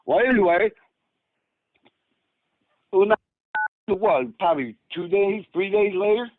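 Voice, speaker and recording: A man's voice: high-pitched, a little slow, a little mellow, no echo, poor audio. This man from Northern Michigan is about sixty and speaks in a slightly raised register. He rambles through a casual story, stumbling over restarts and acting out what others said. The room sound is dry and close. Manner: rambling, full of restarts, acts out quoted speech. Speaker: guest.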